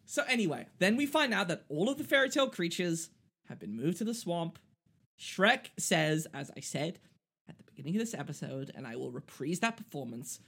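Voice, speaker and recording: A man's voice: a little high, very animated, a little fast, creaky, fairly bright tone, breathy edge. A man co-hosting a podcast, chatting casually about a film in a rambling, self-mocking way and laughing often. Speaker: podcast co-host. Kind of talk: casual film-review chat.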